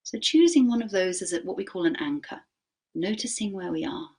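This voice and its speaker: Animated and medium-pitched with a breathy edge, a woman instructs teachers in mindfulness. She asks them questions and checks in with "okay?", then shifts to a gentle, slower rhythm while guiding a practice.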